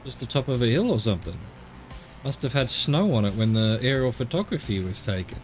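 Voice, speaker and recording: A man's voice: mid-range voice, big pitch swings, fairly quick, faint music behind. An Australian man streaming a game, chatting casually and rambling to himself as he explores. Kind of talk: casual live-stream commentary.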